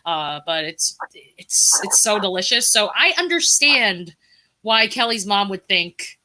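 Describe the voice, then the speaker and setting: A woman's voice: medium pitch, big pitch swings, a little slow, bright, forceful tone. A woman from Brooklyn, a guest on a live-streamed talk show, chatting in a rambling way with lots of filler words over a video call. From Brooklyn, New York.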